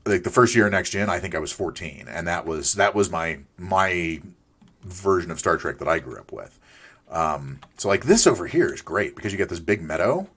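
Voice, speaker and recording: Deep-voiced man in his forties. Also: expressive, normal speed, fairly bright tone, husky. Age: 40s. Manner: rambling, chatty, with filler restarts; playful asides to himself. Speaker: let's play host. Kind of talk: casual gameplay commentary.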